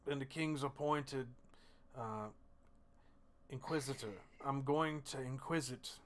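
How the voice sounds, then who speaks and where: Man doing a hushed, slow, menacing jailer-inquisitor. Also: mid-range voice, lightly acted. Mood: quiet menace. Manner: quiet, slow, threatening.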